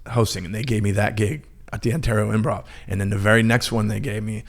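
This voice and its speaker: Gravelly-voiced man telling stories. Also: on the low side, fast talker. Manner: animated, acts out others' lines in quoted voices. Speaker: stand-up comedian, podcast guest. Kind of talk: casual storytelling chat.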